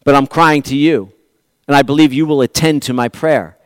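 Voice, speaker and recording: A man preaching a sermon, swinging between loud pleading lines and quiet, hushed asides to the congregation. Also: medium pitch, steady tone, moderate pace, smooth, dry recording. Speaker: pastor.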